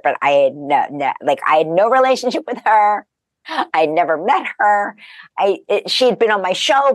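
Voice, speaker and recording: A woman as a podcast guest, telling lively anecdotes in casual chat and laughing as she goes. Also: mid-range voice, dry recording. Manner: animated, chatty, laughs through her stories.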